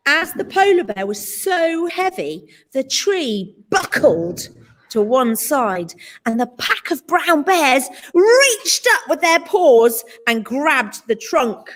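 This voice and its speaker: A British woman teacher reads a picture book aloud in a high, animated voice. She takes her time and adds playful asides to her listeners. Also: slow pace, in a large hall.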